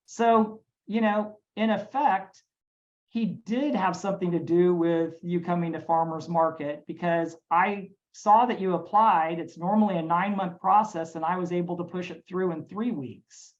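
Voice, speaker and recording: A woman who runs restaurants, telling a personal story in an earnest, halting way during a webinar talk. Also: lowish voice, dull audio. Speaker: restaurant owner. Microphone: webinar microphone.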